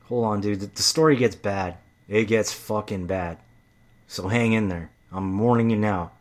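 A man's voice: fairly low pitch, normal speed. Heated, profane man telling stories. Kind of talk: casual monologue.

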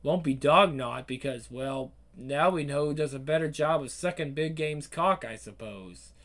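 An actor playing a crude, cynical man with a British accent, calmly reasoning out who to betray in a screen drama. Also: fairly high pitch, normal speed. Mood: scheming. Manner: crude, cynical, coolly calculating.

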